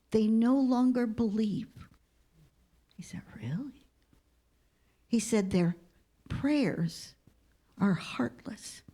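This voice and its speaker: A woman minister giving a heartfelt sermon and telling a story, sometimes dropping to a whisper. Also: on the high side. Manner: slow, heartfelt storytelling with hushed, whispered moments. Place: church sanctuary.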